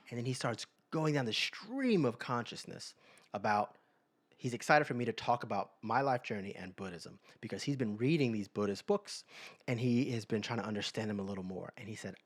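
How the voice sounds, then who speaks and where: A man's voice: lowish voice, brisk. A man co-hosting a podcast, telling personal stories in a casual chat and acting out the people he quotes. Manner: animated storyteller acting out quoted voices. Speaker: podcast co-host.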